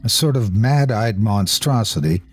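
A man's voice: on the low side, animated, slightly rough, faint music behind. Man narrating a horror tale. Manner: measured, shifting pace for suspense. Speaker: host and narrator. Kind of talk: dramatic horror story narration.

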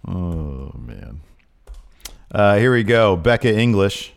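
A man co-hosting a casual podcast, reading out viewer questions and chatting along. His voice sits very low but moves around widely, jumping up when he gets excited. He laughs easily and tends to trail off into mumbles. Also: slow, creaky. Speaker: podcast co-host. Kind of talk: casual chat.

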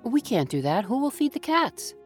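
A distraught older woman who dotes on her cats, put on by a male horror narrator. Her voice is shrill and tearful, leaping wildly in pitch. It belongs to a spoken horror story. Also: big pitch swings, normal speed, faint music behind. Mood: pleading. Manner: shrill, tearful falsetto pleading. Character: older woman, devoted cat lover, distraught.

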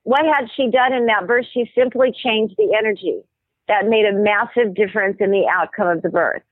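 A woman speaking as a guest medical anthropologist, explaining her ideas at length in an earnest, steady way, with an occasional um. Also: mid-range voice, normal speed, no echo. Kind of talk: explanatory interview talk. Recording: tinny phone-like line, dry.

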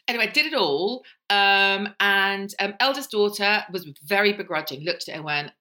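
A middle-aged woman co-hosting a podcast, telling stories in a chatty, animated way. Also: medium pitch, normal speed. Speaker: podcast co-host. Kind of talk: casual chat.

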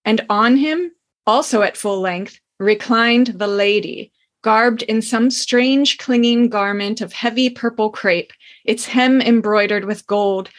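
A woman's voice: fairly high pitch, slow pace. Playful woman podcast host reading aloud. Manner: playful, laughs often.

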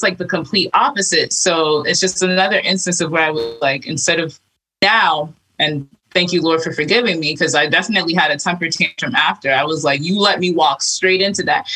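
A woman as a guest, telling her personal faith testimony in casual, animated chat full of fillers. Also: sits low, husky, rough recording. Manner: animated storytelling with many fillers.

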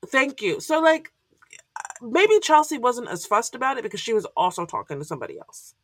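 A woman's voice: fairly high pitch, sing-song, a little fast, no echo. A woman co-hosting a podcast, chatting casually with strong opinions and frequent laughter. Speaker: podcast co-host. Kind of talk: casual recap chat.

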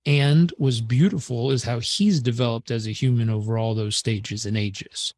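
A man, a performance coach telling a story as a podcast guest in an earnest, animated way that swears casually. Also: medium pitch, normal speed, dry recording.

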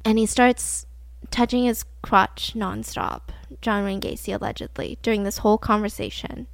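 A woman's voice: mid-range voice, steady tone, moderate pace, creaky, dry recording. A woman co-hosting a podcast, telling a true-crime story casually, filler-heavy and acting out the quotes. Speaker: podcast co-host.

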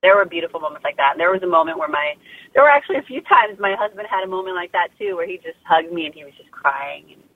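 Woman guest, casual and warm-hearted talker, lots of fillers, heard over a tinny phone line. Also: on the low side, expressive, quick pace, slightly rough, no room sound. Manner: chatty, heartfelt, lots of "you know" and "like". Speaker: guest mother sharing birth story.

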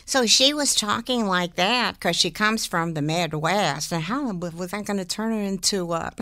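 An older woman, an impressionist and singer, telling animated stories in an interview, laughing often and slipping into impressions. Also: mid-range voice, moderate pace, no echo, studio quality. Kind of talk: lively storytelling in a talk interview.

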